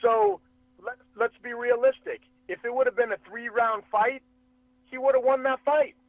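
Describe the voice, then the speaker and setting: A man, a podcast guest, telling a story in a casual, animated way, with quick restarts and calling the host "dude". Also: very high voice, creaky, dry recording. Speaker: guest, fight promotion executive and manager. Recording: tinny phone-like dry sound.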